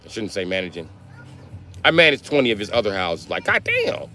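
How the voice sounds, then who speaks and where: A male comedian telling a profane, animated comic story on a live stream. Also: fairly low pitch, fairly quick, faint music behind.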